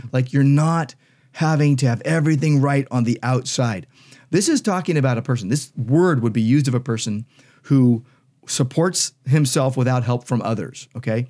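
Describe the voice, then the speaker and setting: A man's voice: medium pitch, darkish tone. A man, a pastor and podcast co-host, explaining Bible verses in an emphatic, conversational teaching style. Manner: emphatic, explanatory, reads scripture aloud.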